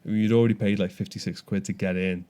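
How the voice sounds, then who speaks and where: A man's voice: lowish voice, steady tone, very fast, warm tone. A young man co-hosting a podcast, telling a story animatedly with frequent restarts. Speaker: podcast co-host. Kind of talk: casual chat.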